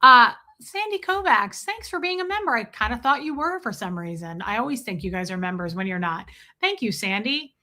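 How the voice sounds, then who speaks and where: A woman live streamer with a fairly high voice tells a story briskly, casual and animated, pausing now and then to greet viewers in her chat.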